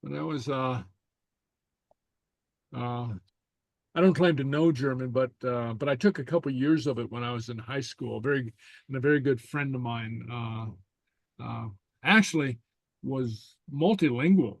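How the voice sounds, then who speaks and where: A man's voice: medium pitch, measured pace, vocal fry, long pauses, dry recording. A man teaching an online Gaelic class on a video call, telling stories in a rambling way with many filler sounds and easy laughs. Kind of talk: casual online class chat.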